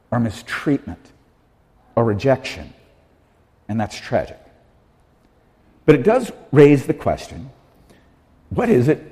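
A man preaching a sermon as pastor, earnest and measured, leaning on pauses for emphasis. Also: medium pitch, warm tone, big-room sound. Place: church sanctuary.

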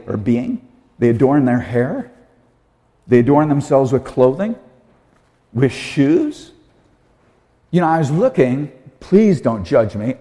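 A male pastor delivers a sermon in an earnest, measured way, pausing to drive points home. His voice is mellow and warm. The sound carries the long reverb of a church sanctuary. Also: mid-range voice. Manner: earnest, measured preaching with emphatic pauses.

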